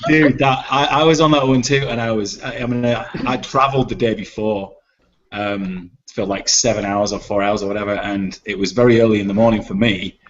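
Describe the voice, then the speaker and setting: A man's voice: on the low side, fairly even intonation, a little fast, slight background noise. Stammering Yorkshire man on a lo-fi call. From England. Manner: stammering, joking. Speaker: hangout guest. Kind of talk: casual group video call. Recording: dull lo-fi web call audio.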